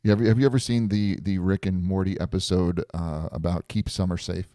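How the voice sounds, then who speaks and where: Male stream host, lively storyteller, low and dark, dry mic. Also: fairly quick, dry recording. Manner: animated storyteller, laughs often. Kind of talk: casual chat on a live stream.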